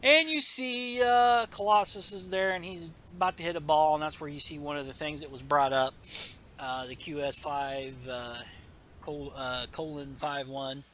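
Guy chatting thru a comic, reads the lines out, lots of uhs, bright tone. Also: on the high side, a little hiss or hum. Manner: rambling, reads dialogue in a plain voice with fillers. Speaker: comic book podcast host. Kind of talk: casual chat reading comic panels aloud.

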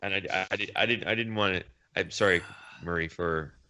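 A man with a very low but bright, forceful voice chats casually as a podcast co-host. He stammers, repeats himself and apologizes often. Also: brisk. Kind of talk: casual chat.

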